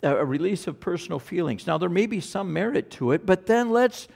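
A man's voice: high voice, expressive, a little fast, vocal fry, a little mellow. A male pastor preaching a sermon, telling stories with frequent stammered restarts.

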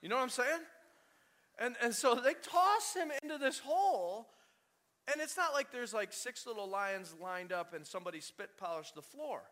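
Bright-voiced animated male preacher. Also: very high-pitched, normal speed. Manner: animated, conversational, rhetorical questions. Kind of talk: sermon.

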